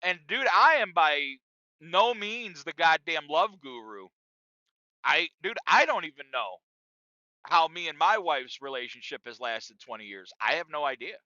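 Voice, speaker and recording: A man's voice: fairly high pitch, big pitch swings, unhurried, bright, forceful tone, no echo, dull audio. A middle-aged man hosting a podcast, talking loosely and profanely straight to his listeners in a casual monologue. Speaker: podcast host.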